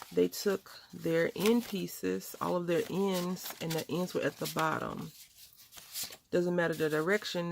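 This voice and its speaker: A woman chatting casually at home, telling a story while crafting, with lively quoted voices. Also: fairly low pitch, creaky, a little hiss or hum. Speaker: crafting vlogger.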